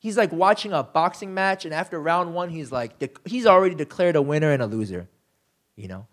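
Lively, higher-voiced man preaching casually. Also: a little fast. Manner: casual, animated storytelling with frequent fillers; acts out quoted lines in shifting voices. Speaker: pastor. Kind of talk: conversational sermon.

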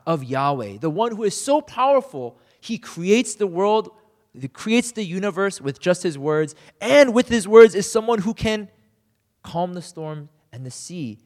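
Animated male preacher in a reverberant hall. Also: sits high. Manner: conversational, frequent "right?" check-ins, acts out quoted voices. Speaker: pastor. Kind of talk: sermon.

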